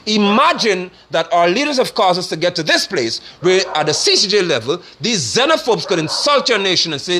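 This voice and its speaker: A man giving forceful, scornful political commentary in a preaching manner. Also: high voice, very animated, a little fast, few pauses, slight background noise. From Guyana. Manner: forceful, scornful, rising to sermon-like declarations.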